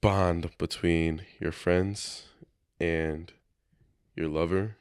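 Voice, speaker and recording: Very deep, smooth-voiced man chatting on a podcast. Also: drawn-out words, dry recording, studio quality. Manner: relaxed, thoughtful, many "like" fillers. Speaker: podcast co-host. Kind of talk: casual chat.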